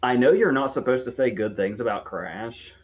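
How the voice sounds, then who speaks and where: A man's voice: mid-range voice, expressive, moderate pace, a little mellow, dull audio, a little hiss or hum. A man co-hosting a casual online chat show, joking and laughing often. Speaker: podcast co-host.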